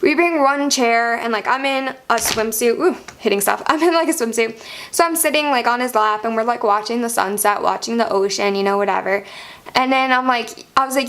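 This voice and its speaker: A woman's voice: on the high side, fairly quick, fairly bright tone. A young woman telling a personal story as a vlogger in a casual, chatty way, filling her sentences with "like" and frequent laughs.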